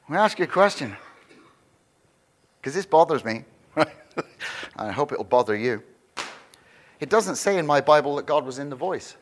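Male preacher, chatty sermon delivery, slightly high voice, repeats words for stress. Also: lively intonation, moderate pace, pauses often. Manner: conversational, repeats words when stressing a point.

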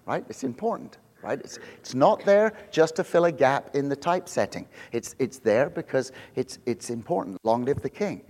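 A middle-aged male pastor preaching a sermon in church, telling the story with lively acted-out quotes and frequent restarts. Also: medium pitch, normal speed, hardly any pauses. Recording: long hall reverb.

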